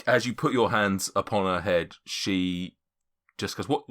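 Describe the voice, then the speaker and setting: A man's voice: low voice, unhurried, fairly bright tone. A man acting as game master, narrating a tabletop game with lots of fillers and restarts. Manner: rambling, with many fillers and restarts.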